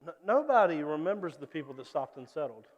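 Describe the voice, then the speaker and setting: Male pastor, higher register, lively storyteller sermon, hall echo. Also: quick pace, lo-fi sound. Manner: animated storytelling with acted-out voices.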